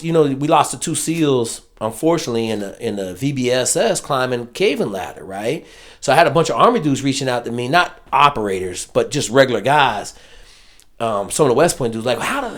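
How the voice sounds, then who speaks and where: A man, a former Navy SEAL, telling stories casually and profanely, often acting out what others said. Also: mid-range voice. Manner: profane, animated, acts out quoted dialogue. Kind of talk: casual storytelling.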